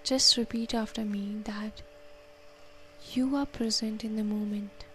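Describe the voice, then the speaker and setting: A woman leading a guided meditation, counting breaths and giving slow, soft, calm instructions. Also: on the high side, a little hiss or hum.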